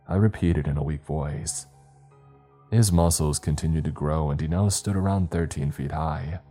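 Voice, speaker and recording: A male storyteller reads a first-person horror tale in a steady, dramatic way. His voice is extremely deep and mellow-dark, and soft music hangs faintly behind him. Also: normal speed. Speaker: narrator. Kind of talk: scripted horror story narration.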